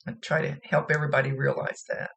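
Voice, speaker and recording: A woman's voice: very deep voice, level tone, fast, vocal fry, fairly bright tone. A woman working as a psychic medium, giving a rambling, chatty reading and often laughing. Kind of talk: casual spoken reading.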